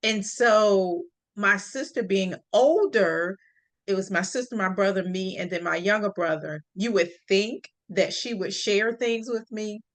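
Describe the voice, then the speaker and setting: A middle-aged woman hosting a chat, telling a personal story in a lively way and acting out the voices she quotes. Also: mid-range voice, a little slow. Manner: animated, acts out quoted voices, laughs often. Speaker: podcast host sharing a personal story.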